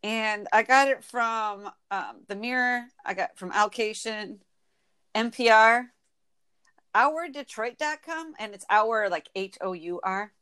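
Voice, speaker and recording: A woman's voice: on the high side, takes it slowly, sharp tone, smooth. A woman from Michigan with a Michigan accent, co-hosting a casual chat podcast, chatty, full of slang and laughter. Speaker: podcast co-host.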